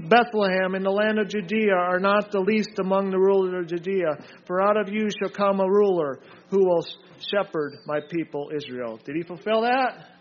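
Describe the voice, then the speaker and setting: Guy w a pretty high voice teaching scripture to a group, punchy remarks, kinda muffled lo-fi sound. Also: normal speed, slight background noise. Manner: emphatic, quizzes listeners with short punchy remarks. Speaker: Bible study leader. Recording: dull lo-fi recording.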